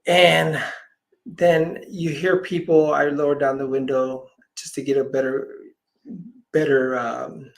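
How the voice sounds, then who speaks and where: A man with a slightly high, gravelly voice, speaking as a guest in an interview. He tells a long story in an animated way, acts out the other people's lines and often drops his voice very low. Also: takes it slowly. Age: adult parent. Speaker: guest healer.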